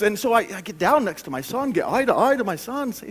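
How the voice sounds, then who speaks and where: High-voiced man preaching in a hall. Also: expressive, fairly quick, few pauses, husky. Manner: storytelling with frequent stammered restarts. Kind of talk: sermon.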